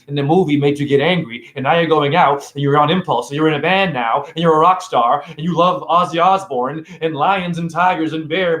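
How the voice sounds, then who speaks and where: A man giving a provocative, preachy spiritual rant on his own vlog, swinging between loud outbursts and soft asides. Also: a little high. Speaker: self-styled spiritual teacher. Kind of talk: ranting vlog monologue. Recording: roomy echo.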